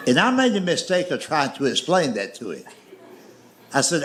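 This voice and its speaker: An older man with a Southern drawl tells comic stories on stage in a slow, folksy way, dropping dry asides. His pitch sits a little high and leaps around with lively swings. A faint live-audience hum sits under the voice. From Southern United States. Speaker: stand-up comedian. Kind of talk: stand-up storytelling. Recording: live show with audience noise. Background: audience laughter.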